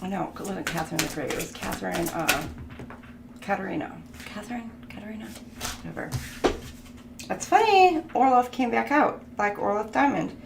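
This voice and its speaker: A woman's voice: mid-range voice, a little fast, vocal fry. A woman giving a casual tarot reading, chatty and thinking aloud, laughing as she goes. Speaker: tarot reader. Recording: echoey room with background noise.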